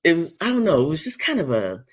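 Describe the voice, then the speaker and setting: A man hosting a casual live-stream chat, rambling with many fillers and restarts, and jumping high when he mimics people. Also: wildly swooping pitch, fast talker. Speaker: host.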